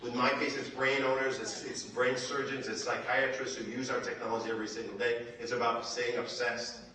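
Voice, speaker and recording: A man giving a conference keynote, telling a story with animated, acted-out quotes from the stage. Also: mid-range voice, fairly quick. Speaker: keynote speaker. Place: large conference hall. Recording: echoey hall, mic from a distance.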